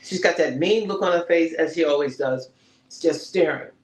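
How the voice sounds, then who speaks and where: A man co-hosting a TV review podcast, telling the story of an episode in a lively way and acting out what the characters say. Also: a little high, moderate pace. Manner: animated, retells scenes and acts out the characters' lines. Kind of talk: casual review chat. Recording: roomy echo.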